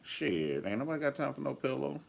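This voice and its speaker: A man's voice: mid-range voice, sing-song, fairly quick, creaky. A man reviewing a TV episode in a casual vlog, flamboyant, sassy and profane. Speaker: TV show reviewer.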